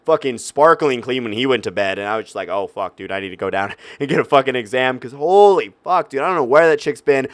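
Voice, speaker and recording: A man's voice: on the high side, dry recording. Profane young man telling a wild story. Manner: profane, animated, swings into loud exasperated outbursts. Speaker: vlogger. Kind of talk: storytelling vlog.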